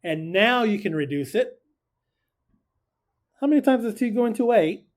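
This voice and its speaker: A man's voice: high voice, animated, normal speed. A man teaching a casual recorded math lesson, chatty and joking, who keeps quizzing his students.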